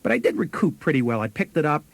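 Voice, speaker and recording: Male sales trainer, animated delivery, dry close sound, tells stories with acted-out quotes. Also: on the high side, fast talker, gravelly, no echo. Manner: lively anecdotes with acted quotes and chuckles. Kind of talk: storytelling on a sales training tape.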